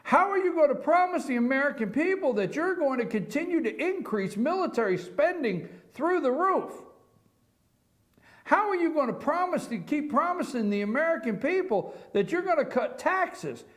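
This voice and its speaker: Brief: male morning show host, very high voice, emphatic monologue full of rhetorical questions. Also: big pitch swings, moderate pace. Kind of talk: opinion commentary monologue. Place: office.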